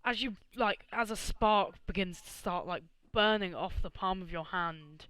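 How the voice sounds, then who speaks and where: A man's voice: high voice, unhurried, bright, forceful tone, smooth, dry recording. A man running a tabletop game as game master over a video call, casual and full of fillers.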